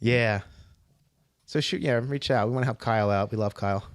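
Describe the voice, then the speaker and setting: A man in his thirties rambles through a casual podcast story, dropping swear words as he goes. His voice sits at a middle pitch and sounds dry and close, with no room around it. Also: a little fast, no room sound. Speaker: podcast co-host. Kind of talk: casual chat.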